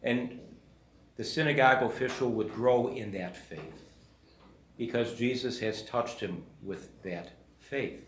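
A man's voice: mid-range voice, slow pace, a little hiss or hum. A man, a parish priest, giving a sermon in a conversational storytelling manner and briefly acting out the voices in the story. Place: church. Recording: echoey church room.

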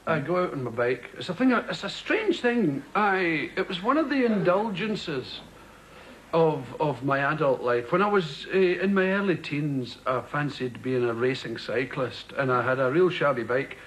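A Scottish man telling comic stories as a talk show guest, animated and jumping into high voices for quotes. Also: moderate pace. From Scotland. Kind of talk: comic storytelling. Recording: noisy broadcast recording.

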